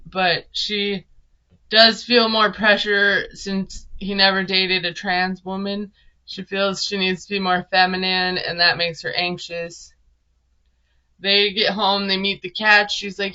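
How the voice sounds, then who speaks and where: Slow-talking bright woman. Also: medium pitch, fairly even intonation, highs cut off. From Minnesota. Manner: chatty, sarcastic, laughs often. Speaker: TV recap vlogger. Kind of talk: casual recap commentary.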